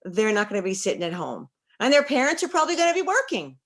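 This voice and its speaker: A married woman co-hosting a casual talk show, chatty and quick to react. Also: fairly high pitch, sing-song. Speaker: co-host.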